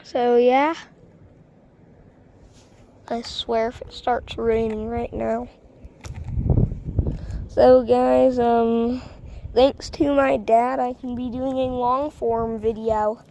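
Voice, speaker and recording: A woman's voice: on the high side, flat delivery, drawn-out words, pauses often, dark tone, slight background noise. A woman vlogging casually outdoors on a street into a phone, rambling and hesitant with many ums. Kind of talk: casual vlog.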